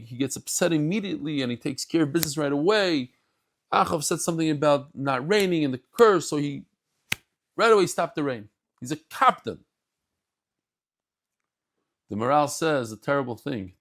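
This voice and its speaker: Brief: male Talmud teacher, lively and jokey, plays out the text's dialogue. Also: a little high. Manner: animated, jokey asides, acts out dialogue. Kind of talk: daily Talmud class.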